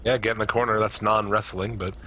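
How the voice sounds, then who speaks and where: Profane podcast host, bright and hoarse. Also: male voice, lowish voice, little pitch movement, fairly quick, dull audio, slight background noise. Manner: loose and profane, laughs often. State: voice going hoarse. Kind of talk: casual chat.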